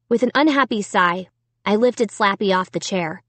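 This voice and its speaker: A woman narrating a children's storybook in the first person, reading slowly and deliberately. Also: mid-range voice, dry recording. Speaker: audiobook narrator.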